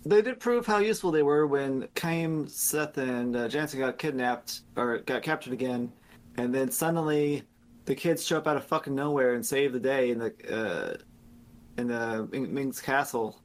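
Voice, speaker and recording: A man with a medium-pitched voice co-hosts a casual podcast reviewing games. He recaps the plot with plenty of swearing and tosses in quick impressions of the characters.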